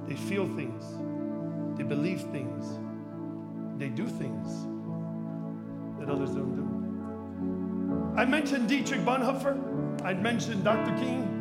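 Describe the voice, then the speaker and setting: A male pastor from Chicago preaching a sermon, telling a story and acting out the dialogue, with bursts of shouting for emphasis. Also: high-pitched.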